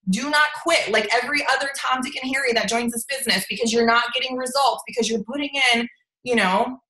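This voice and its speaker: A woman's voice: fairly high pitch, sharp tone, reverberant, low-quality recording. A young woman leading a sales team, giving an emphatic motivational talk on a video call and often asking "okay?" and saying "you guys". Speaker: team leader of a sales business.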